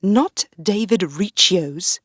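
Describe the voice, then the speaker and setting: A woman voicing a sneering, mocking young king with a slow, low delivery. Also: lively intonation, fairly bright tone, dry recording, studio quality.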